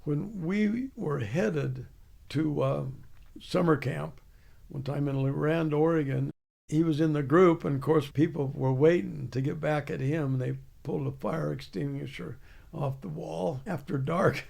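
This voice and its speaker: A man's voice: fairly high pitch, a little slow, gravelly, darkish tone. An older man, an army veteran, telling plainspoken stories in an interview and laughing along. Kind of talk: storytelling interview.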